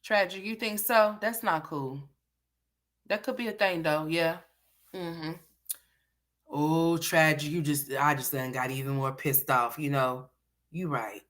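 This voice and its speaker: A woman's voice: sits low, a little slow, fairly bright tone. Blunt profane woman ranting on stream. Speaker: commentator. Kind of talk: livestream commentary.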